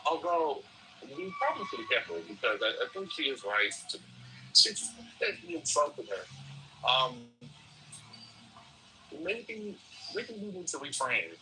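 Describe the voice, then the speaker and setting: A man's voice: on the high side, wildly swooping pitch, measured pace, pauses often, pushed and bright, recorded from a distance, slight background noise, rough recording. A man on a casual panel chat, laid-back and musing.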